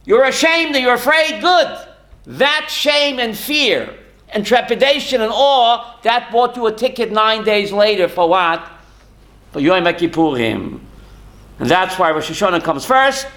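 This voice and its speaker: Rabbi guy with a high voice giving a torah class, keeps throwing questions at the room. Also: animated, a little slow, fairly bright tone. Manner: questions the class and answers himself, with Hebrew and Yiddish terms.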